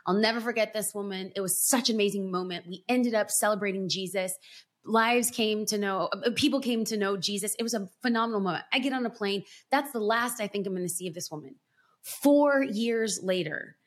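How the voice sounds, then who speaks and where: A woman church planter, a podcast guest, telling an emotional personal story with earnest, animated delivery. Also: mid-range voice. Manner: animated, earnest, pace swings from rapid to drawn out.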